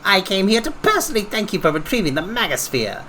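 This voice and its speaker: A man's voice: high voice, huge pitch swings, fast, sharp tone, slight background noise, pitched above the performer's own voice, full character voice. A man voicing an arrogant young male noble villain in a game, haughty and mocking.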